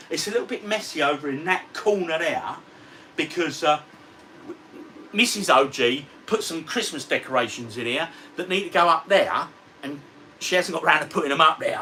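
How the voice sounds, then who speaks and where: A man's voice: on the high side, sharp tone. A man, chatting casually on a livestream from his home games room and reading out viewer comments in a matey way. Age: 40s. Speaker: retro gaming vlogger. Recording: distant mic with faint ambient noise.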